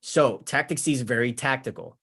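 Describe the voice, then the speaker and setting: Lively man teaching real estate deals. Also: mid-range voice, a little fast, gravelly, breathy edge. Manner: energetic, mimics clients and chatter with sound effects. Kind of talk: teaching with slides.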